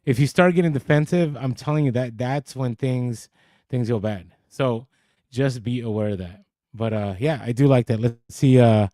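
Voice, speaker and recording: A man co-hosts a relaxed podcast, reading comments from the chat and laughing easily. His voice is mellow and low in brightness, and it sits close to a dry studio mic. He gets animated when something catches his interest. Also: no echo. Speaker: podcast co-host. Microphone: podcast studio mic, too close at times.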